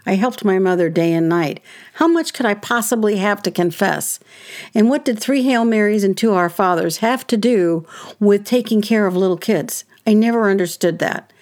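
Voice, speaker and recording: A woman's voice: medium pitch, moderate pace. Indignant woman telling a childhood story. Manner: animated, indignant, with wry laughs and quoted voices. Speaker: guest telling a personal story. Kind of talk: conversational storytelling.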